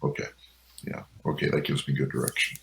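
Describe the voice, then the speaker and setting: A man speaking as a player in a tabletop role-playing game, relaxed and a little hesitant. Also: a bass voice, brisk, vocal fry, a little hiss or hum. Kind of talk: casual tabletop game chat.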